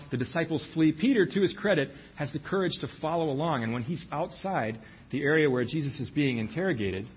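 A man's voice: on the high side, husky, highs cut off. A man preaching a sermon, retelling scripture in a storytelling manner and giving the quoted lines their own voices.

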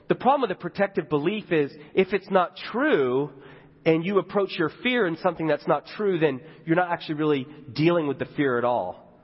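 A young man gives a sermon in a husky, slightly high voice. He tells his story candidly, with chatty asides and self-mocking humour. The sound is dull and lo-fi, with the long reverb of a big hall. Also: moderate pace. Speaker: pastor.

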